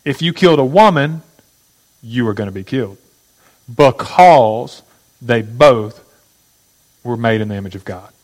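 A man's voice: mid-range voice, lively intonation, measured pace, pauses often, a little mellow, poor audio. A man preaching a sermon, teaching step by step and asking his listeners questions. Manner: teaching, asks the audience questions. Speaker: pastor.

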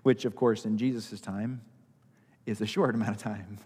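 A man's voice: lowish voice, steady tone, normal speed, darkish tone, slightly rough, long reverb tail. A male pastor preaching a sermon, repeating key phrases for emphasis.

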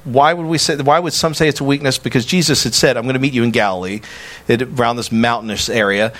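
A pastor preaching a sermon in a conversational way, often repeating words and telling personal stories. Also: male voice, mid-range voice, a bit bright.

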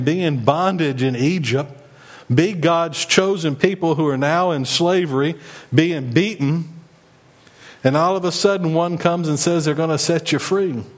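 A man preaching a sermon in a conversational way, retelling the story and acting out the speakers he quotes. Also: a little high. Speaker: pastor.

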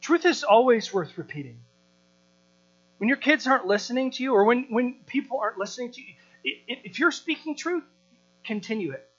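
A man in his thirties preaching a sermon, animated, repeating words and asking rhetorical questions. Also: very high-pitched, a little fast. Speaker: pastor. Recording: dull lo-fi sound with mains hum.

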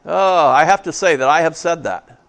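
A pastor preaching to his congregation, a man with a somewhat high voice. He talks in an easy, conversational way and asks the room questions. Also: normal speed, a bit bright. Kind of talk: sermon. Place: church before a congregation.

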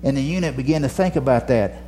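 A man preaching a sermon, telling stories dramatically and dropping from loud passages to a near whisper. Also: mid-range voice, quick pace, slight background noise.

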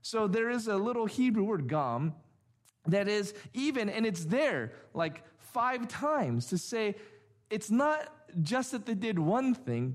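A man's voice: sits high, sing-song, measured pace. A middle-aged man preaching a sermon, reading scripture and explaining it with emphatic, rhythmic repetition. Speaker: pastor.

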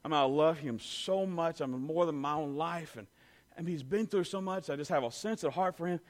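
A man telling an animated personal story to an audience, full of "you know" and "I mean". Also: a little high, brisk.

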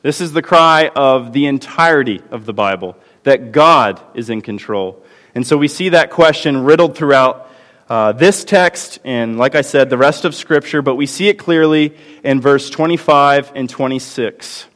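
A man's voice: medium pitch, moderate pace, fairly bright tone. A man preaching a sermon as pastor, earnest and building to impassioned emphasis. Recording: long hall reverb.

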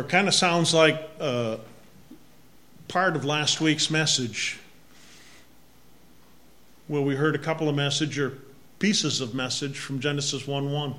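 Pastor, massachusetts accent, slow easy sermon delivery, reads scripture in refrains. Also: male voice, a little high, bright, forceful tone. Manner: slow, conversational preaching with repeated scripture refrains.

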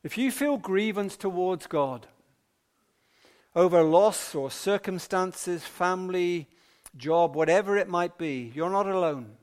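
Man, preacher, sermon, slow and deliberate, fairly high voice. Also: lively intonation. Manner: measured, emphatic preaching with long pauses.

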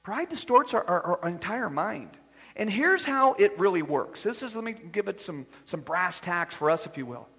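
A man with a high, husky voice preaches a sermon, dropping to quiet asides and then rising to loud declarations. His voice rings with the long reverb of a church hall. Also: big pitch swings, normal speed. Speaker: pastor.

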